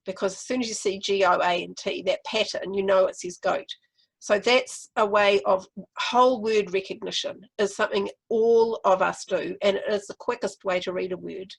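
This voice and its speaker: A woman's voice: medium pitch, steady tone, normal speed, vocal fry, slightly rough, low-quality recording. A woman with a New Zealand accent presenting a literacy webinar, explaining classroom activities step by step.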